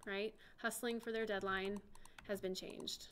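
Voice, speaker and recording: A woman giving a chatty software lesson, talking through each click and keystroke as she demonstrates. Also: mid-range voice, level tone, a little slow, slight background noise. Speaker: CAD instructor.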